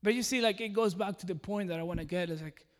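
A man with a high voice preaches to a congregation in a church service. He is lively and keeps joking, turning straight to the people in front of him. He sounds like a pastor in his thirties. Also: quick pace. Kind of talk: sermon.

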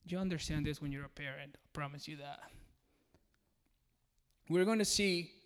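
A man with a high voice preaches to a congregation in a church service. He is lively and keeps joking, turning straight to the people in front of him. He sounds like a pastor in his thirties. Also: moderate pace, smooth. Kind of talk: sermon.

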